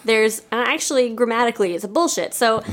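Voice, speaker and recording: A woman podcast host telling a story in a casual, lively, emphatic way. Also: on the high side, fast talker.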